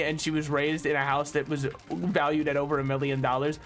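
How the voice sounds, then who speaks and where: Young guy streaming a game, rambles and cracks himself up, kinda high voice, faint music behind. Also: normal speed. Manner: rambling, jokey, laughs often. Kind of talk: rambling live-stream commentary while gaming.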